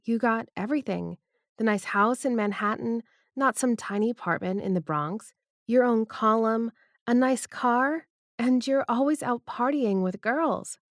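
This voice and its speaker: A woman's voice: a little high, measured pace, no echo, studio quality, pitched above the performer's own voice. A woman narrator voicing a feisty young woman who teases and bickers with her rival, in an audiobook. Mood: aggrieved.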